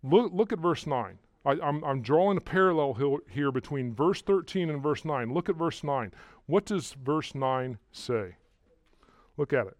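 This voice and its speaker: A man preaching a sermon to a congregation, walking through verses and rising loudly on key words, often repeating himself. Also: on the high side, animated, a little slow, dry recording. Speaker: pastor.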